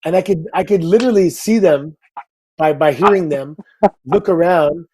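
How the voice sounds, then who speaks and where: A man's voice: on the high side, breathy edge. Upbeat man telling a story. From Canada. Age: middle-aged. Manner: lively anecdote teller, upbeat, quick asides. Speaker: guest. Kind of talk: casual storytelling.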